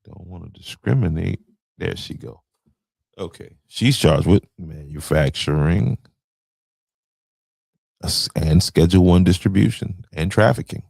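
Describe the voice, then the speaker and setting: A man's voice: low-pitched, a little slow, gravelly, long pauses, darkish tone, breathy edge, no room sound. A man hosting a podcast, talking loosely in slang and stumbling over names as he runs through a list. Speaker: podcast host. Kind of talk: casual commentary.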